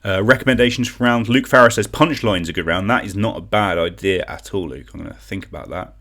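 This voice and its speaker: Chatty young English quiz host. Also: male voice, sits low, fairly quick, a bit bright. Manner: chatty, rambling, self-deprecating, sings song clues in gibberish syllables. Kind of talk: casual livestream quiz hosting.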